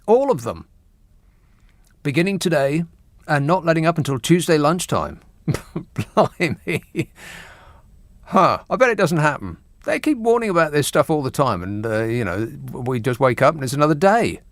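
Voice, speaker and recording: A man's voice: fairly high pitch, very animated, normal speed, dry recording. A man hosting a radio phone-in, joking in a dry, mock-serious way. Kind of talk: late-night radio banter. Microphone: studio microphone.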